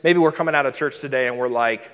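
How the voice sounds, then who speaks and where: A man delivers a sermon at a mid-range pitch, and his voice trails off into the long reverb of a large church hall. He talks to the congregation informally and conversationally, like a teacher explaining a passage. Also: quick pace, a bit bright, clean tone. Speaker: preacher.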